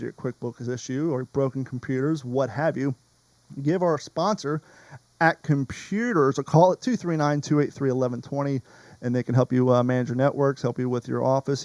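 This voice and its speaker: A man's voice: medium pitch, a little mellow, no echo. A man hosting a podcast in casual chat, rambling and wandering off topic. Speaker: podcast host.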